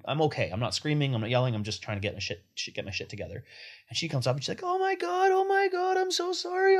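A man's voice: fairly low pitch, slightly rough. A man hosting a podcast, telling stories casually with slang and frequent laughter. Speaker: podcast host. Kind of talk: casual conversation.

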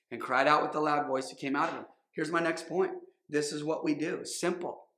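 Pastor guy preaching, bright voice bouncing round a big echoey church, kinda high. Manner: emphatic, repeats phrases, acts out quotes. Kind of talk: sermon. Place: church sanctuary.

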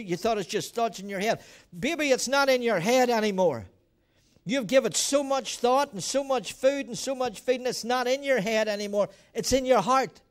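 A man preaching a sermon as pastor, fervent, swinging from shouted calls to quiet earnest talk. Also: very high-pitched. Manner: storytelling with acted quotes and laughter.

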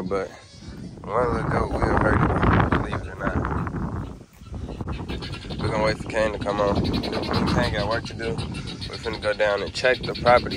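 Man, lowish voice, slangy laid-back vlog talk, loud calls to a dog, outdoors on a rural property, faint outdoor noise. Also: steady tone, moderate pace, pauses often. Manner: calls sharply and loudly to his dog. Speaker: vlogger on his animal property.

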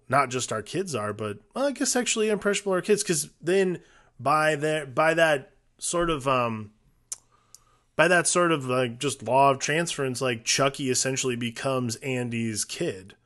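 A man's voice: mid-range voice, lively intonation, normal speed, bright, forceful tone. A man co-hosting a film podcast, talking casually and working through his thoughts with restarts. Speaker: podcast co-host.

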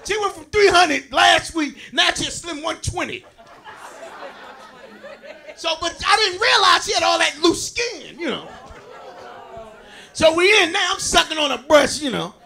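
High-voiced, loud, laughing stand-up man. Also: sing-song, a little slow, creaky, long pauses. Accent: Brooklyn, New York. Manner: loud, laughing, crowd-working storytelling. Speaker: stand-up comedian. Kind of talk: stand-up comedy set. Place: comedy stage before a live audience. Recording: faint crowd noise in the room.

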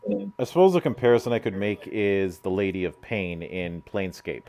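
A man's voice: fairly low pitch, brisk, a little mellow. A man hosting an interview over a video call, hesitant and full of fillers, swearing casually. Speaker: interview host.

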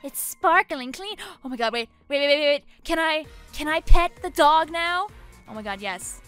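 Giggly high-voiced woman streamer. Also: moderate pace, faint music behind. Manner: excitable, giggly, shrieks at the screen. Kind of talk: gameplay commentary.

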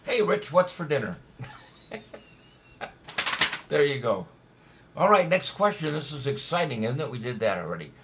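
A man's voice: mid-range voice, sing-song, normal speed, pauses often, noisy background. A man hosting a casual live-stream trivia show, cracking corny jokes and reading out viewers' names and answers. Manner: jokey, chatty, reads out viewer names and answers. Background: music.

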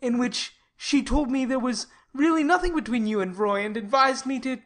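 An earnest, lovestruck young man , read aloud by a woman narrator. The lines come fast and sincere, in a fairly high voice, like a storybook scene read aloud. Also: natural voice. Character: earnest young man in love, frank and tender. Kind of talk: audiobook character reading.

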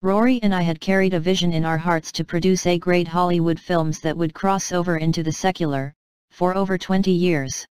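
A woman author reading her own devotional book aloud in an earnest, measured, heartfelt manner. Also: lowish voice, fairly even intonation, darkish tone, smooth, dry recording, poor audio. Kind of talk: devotional audiobook narration.

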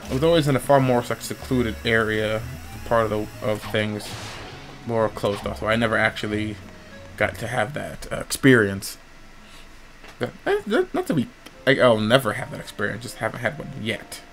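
A man's voice: on the low side, expressive, normal speed, a bit bright, faint music behind. A man with a stuffy nose giving casual, rambling gameplay commentary as a let's player, often stopping to restart his sentences. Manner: rambling, self-interrupting.

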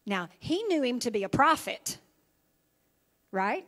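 A woman pastor preaches a church sermon in a conversational way, reading scripture and then talking it through with her listeners. Her voice sits a little higher than most women's. She often pauses to check that they are following. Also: big pitch swings, fairly bright tone. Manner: conversational preaching with frequent "okay?" and "right?" check-ins. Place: church sanctuary.

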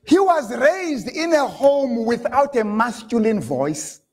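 A man preaching a sermon in a church, switching between English and Xhosa and building up to shouted lines. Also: extremely high pitch, sing-song, takes it slowly. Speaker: pastor.

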